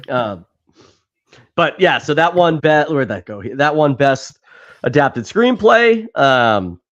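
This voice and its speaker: A man's voice: on the high side, sing-song, slow, a bit bright, dull audio. A man co-hosting a podcast in casual chat, rambling with frequent laughs and casual swearing. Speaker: podcast co-host.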